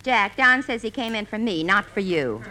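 Teasing radio-comedy woman, bright and lively. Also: mid-range voice, slight background noise. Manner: teasing, brisk.

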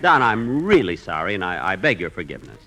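A man's voice: deep voice, sing-song, quick pace, heavy background noise. A man hosting a 1940s radio comedy, exasperated and fussy. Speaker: comedian host.

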